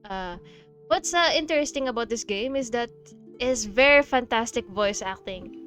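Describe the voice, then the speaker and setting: A woman's voice: fairly high pitch, animated, moderate pace, fairly bright tone, soft background music. A woman streamer chatting casually over gameplay, gushing, with many fillers and giggles.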